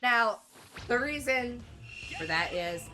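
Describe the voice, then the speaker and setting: A woman from Louisiana co-hosting a stream with her husband, explaining things calmly and reading out the chat. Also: a little high, slow. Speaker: co-host, streamer's wife. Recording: loud music behind.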